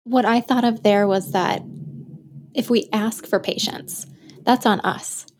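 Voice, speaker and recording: A woman's voice: fairly high pitch, fairly even intonation, unhurried, breathy edge. A woman hosting a podcast, reflecting in a heartfelt way and moved close to tears. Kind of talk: casual podcast chat.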